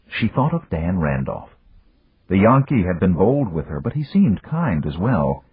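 Deep, very husky male narrator. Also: big pitch swings, normal speed, dry recording. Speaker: audiobook narrator. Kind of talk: scripted narration. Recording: dry, tinny phone-like audio.

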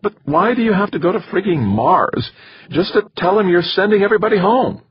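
An upset, clinging wife with a strained, high pitch, as a man puts her on. The voice stays husky under the lift, and it swings between notes with a lot of life. The recording is dull and lo-fi. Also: huge pitch swings, unhurried, full character voice. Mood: upset, pleading. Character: upset young wife, clingy and sharp-tongued. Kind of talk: audiobook character reading.

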